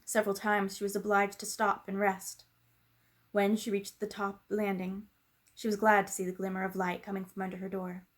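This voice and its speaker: Brief: woman storyteller, gentle storybook reading, mid-pitched, calm pace. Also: normal speed. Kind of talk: reading a children's book aloud.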